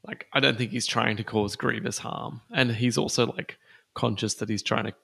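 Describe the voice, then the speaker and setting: A man's voice: medium pitch, steady tone, moderate pace, gravelly, fairly bright tone, breathy edge. A man playing a tabletop game, thinking aloud about his character's moves in a loose, casual way. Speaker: player.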